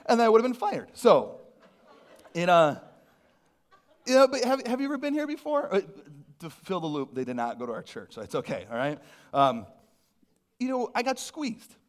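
A man preaching from the pulpit, telling a personal story with self-deprecating humor. His voice sits a little high and swings widely in pitch, lively and animated throughout. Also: moderate pace, pauses often. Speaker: pastor.

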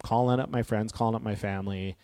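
A man giving a reflective, personal talk in an earnest, gently encouraging way. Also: on the low side, steady tone, quick pace. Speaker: speaker on grief and healing. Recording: long hall reverb.

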